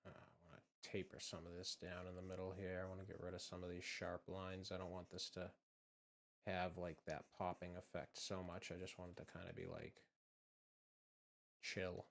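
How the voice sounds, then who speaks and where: Casual host with a Boston accent: relaxed, rambling, salty, slightly low-pitched. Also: male voice, normal speed, gravelly. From just south of Boston. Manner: rambling, profane, laid-back. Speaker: channel host. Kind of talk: casual chat while drawing.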